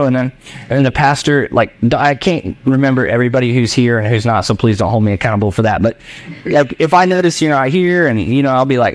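Animated joking male pastor. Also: mid-range voice, a little fast. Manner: animated, jokey, acts out voices of the congregation. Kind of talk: sermon. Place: church.

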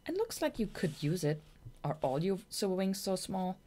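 A woman's voice: medium pitch, big pitch swings, normal speed, warm tone, pitched above the performer's own voice, natural voice. A woman reading an audiobook, voicing a self-assured young female bat with a dry, teasing manner. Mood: matter-of-fact.

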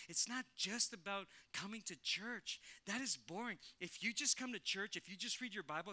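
A man preaching a sermon as pastor in a church, energetic, stammering repeats and acted-out quotes. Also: sits high. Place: church sanctuary.

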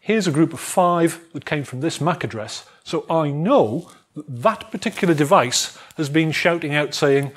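A man lecturing a student society on wifi security in a jovial, animated way, acting out phones calling for networks. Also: on the high side, moderate pace. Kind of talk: technical talk to a student society.

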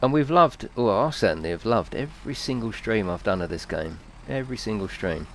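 A man's voice: fairly low pitch, animated, brisk, a little hiss or hum. A man live-streaming a video game, chatting playfully with his viewers, reading their messages aloud and laughing often.

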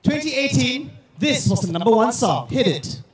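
High, shouting male stage host. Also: recorded from a distance. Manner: energetic, shouting over a crowd, repeating words rapidly. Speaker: event host. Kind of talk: lively stage hosting of a crowd game. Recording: echoey hall, heard from afar.

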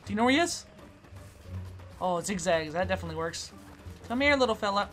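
A woman giving casual commentary on her own gameplay, playfully taunting the other players and swinging from quiet mutters to loud squeals. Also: medium pitch, lively intonation, quick pace, long pauses, soft background music. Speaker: gaming YouTuber.

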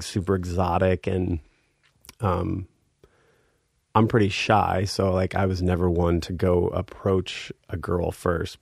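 Deep creaky-voiced man telling a story. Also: darkish tone, no echo, clean studio sound. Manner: laid-back, filler-heavy, reenacts scenes with rising energy. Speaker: guest musician. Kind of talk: casual storytelling.

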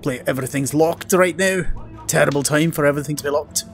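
A man's voice: fairly high pitch, fast talker, creaky, faint music behind. A man commentating his game playthrough, joking at the game and laughing often. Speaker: gaming channel host. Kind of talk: let's play commentary.

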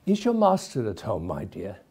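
A man playing an elderly reformed miser, full of warm glee and sometimes feigning his old gruffness, in a filmed one-man stage reading. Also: lowish voice, huge pitch swings, normal speed. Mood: gleeful. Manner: theatrical, feigns gruffness at times.

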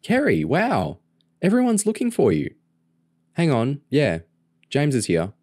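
A man voicing an eager, stubborn ten-year-old girl who sounds excited. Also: mid-range voice, fairly quick, no echo, clean studio sound, voice pushed up, natural voice.

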